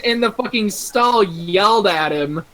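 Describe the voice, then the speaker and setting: A man's voice: high voice, animated, unhurried, a crowd in the background, low-quality recording. A young man on an online voice call, telling rambling stories with constant swearing and frequent laughter. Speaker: streamer's guest on voice chat. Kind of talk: casual chat.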